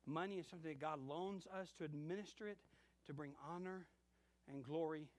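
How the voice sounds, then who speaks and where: A middle-aged male pastor with a fairly high voice preaches a sermon at a brisk clip. His storytelling is animated, with bits of dialogue acted out.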